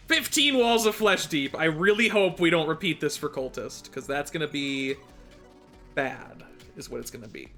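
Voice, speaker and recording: Bright, animated man streaming a game. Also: on the high side, normal speed. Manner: animated, talks to himself, sudden yelps and laughs. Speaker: speedrunner streamer. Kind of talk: casual gameplay commentary. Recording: faint music and keyboard behind.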